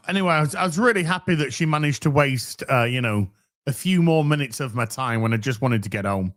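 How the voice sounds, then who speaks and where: A man's voice: mid-range voice, lively intonation, brisk, a bit bright. A British man telling a story in casual chat, sarcastic and swearing often, acting out both sides of an exchange. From Britain. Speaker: podcast host.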